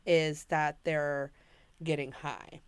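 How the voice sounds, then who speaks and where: A woman co-hosting a casual podcast, sharing animal facts in an animated way and tripping over hard words. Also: sits low, takes it slowly, clear, resonant tone, dry recording, studio quality.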